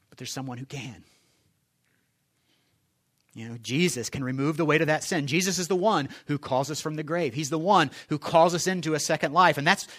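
A male pastor preaching a conversational sermon, asking rhetorical questions and swinging between loud and soft. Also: mid-range voice.

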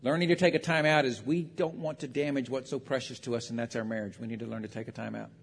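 A man's voice: mid-range voice, fairly even intonation, quick pace, vocal fry, breathy edge. A man preaching a sermon on marriage, talking conversationally and acting out quotes. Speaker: pastor. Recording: long reverb of a large hall.

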